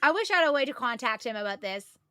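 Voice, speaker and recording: A high-pitched, bright-voiced woman from Canada chats with her stream viewers while playing a game. She talks in an animated, loose way and swears freely. The sound is dry and close. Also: fast talker, smooth, dry recording. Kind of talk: casual gaming stream chat.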